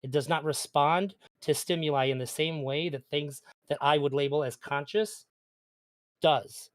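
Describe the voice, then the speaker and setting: Earnest man arguing, somewhat high voice. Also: fairly even intonation, measured pace. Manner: earnest, argumentative, stumbles on restarts. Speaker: interview guest. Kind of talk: casual debate.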